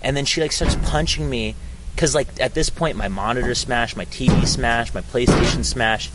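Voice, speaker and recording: A man's voice: medium pitch, normal speed, heavy background noise. A young adult man casually telling a story outdoors on a college campus, slangy and profane, saying "dude" and "bro" a lot. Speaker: podcast host.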